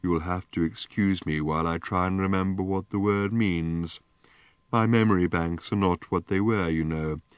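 A man voicing an ancient, rusted, gloomy male robot in an audiobook, with a slow, mournful, self-pitying drone. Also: sits low, smooth, dry recording, close to an everyday voice. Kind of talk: audiobook character voice.

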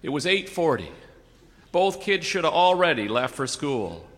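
A man reading a humorous story aloud with wry, measured narration and comic timing. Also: a little high, big pitch swings, a bit bright. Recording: reverberant hall.

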